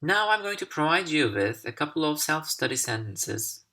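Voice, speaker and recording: A man teaching English over slides, speaking slowly and deliberately with careful pauses. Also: on the high side, sing-song, bright, forceful tone. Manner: slow, deliberate, carefully paced. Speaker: English language instructor. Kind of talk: slide-based recorded lesson.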